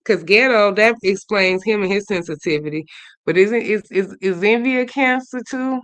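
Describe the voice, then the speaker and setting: A woman hosting a casual livestream, chatting and gossiping as she reads out viewers' comments, swinging between loud bursts and low mutters. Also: moderate pace, no room sound. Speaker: livestream host.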